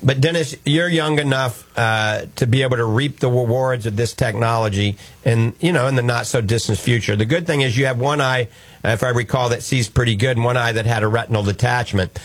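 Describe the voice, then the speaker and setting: A man with a New Orleans accent hosting a call-in health radio show as a doctor, folksy and reassuring. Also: medium pitch. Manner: folksy, reassuring, chatty with laughs.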